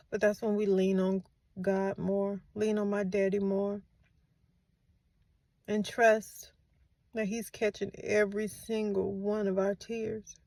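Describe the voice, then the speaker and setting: Tearful woman with a gravelly voice. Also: mid-range voice, little pitch movement, takes it slowly, pauses often, no room sound. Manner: soft, emotional, repeats phrases for comfort. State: tearful, has been crying. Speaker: grieving mother, channel host. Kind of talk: heartfelt faith-based vlog.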